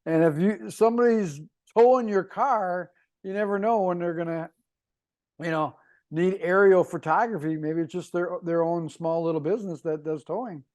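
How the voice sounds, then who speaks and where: A man with a high voice chats on a podcast. He talks in a halting way and often stops to restart his thoughts. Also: darkish tone. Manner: halting, with many fillers and restarts. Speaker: podcast co-host. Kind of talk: casual chat.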